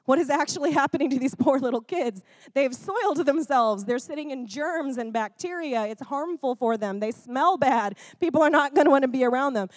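A woman preacher delivers an animated sermon in a fairly high voice. She keeps checking in with her listeners and laughs between points. The sound is close and dry. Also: a little fast, hardly any pauses, no room sound. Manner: animated, laughing asides, frequent "Amen? Okay?" check-ins.

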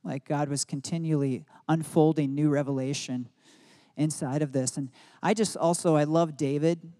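A man's voice: on the high side, steady tone, moderate pace, mellow. A married man giving an earnest devotional Bible teaching, mixing reflection with spoken prayer declarations. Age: adult, married. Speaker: preacher.

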